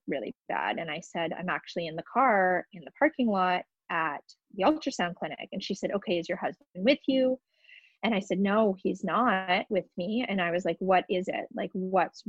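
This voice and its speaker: A woman in her thirties, a podcast guest, telling a personal story in an emotional, halting way with many fillers and restarts. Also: fairly low pitch, dry recording, dull audio.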